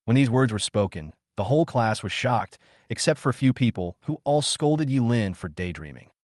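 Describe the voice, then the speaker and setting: A man narrating a comic story recap in a steady storytelling manner. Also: mid-range voice, normal speed, no echo, studio quality.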